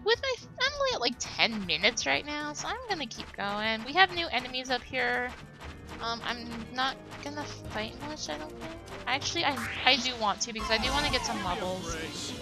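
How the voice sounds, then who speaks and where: A woman's voice: high voice, big pitch swings, normal speed, rough recording. A young woman casually commenting on her own gameplay, chatty and giggly with lots of fillers. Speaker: let's play host. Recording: game music playing behind.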